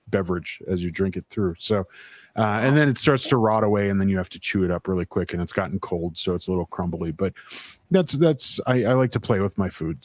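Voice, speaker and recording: Male co-host with a lowish voice, rambling and halting through casual stream chat. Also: no echo. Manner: rambling, halting with many fillers.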